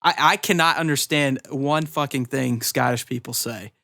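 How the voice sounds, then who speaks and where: A man's voice: medium pitch, normal speed, vocal fry, sharp tone. A man hosting a casual gaming podcast; he swears freely and steers the group through a vote. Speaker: podcast host.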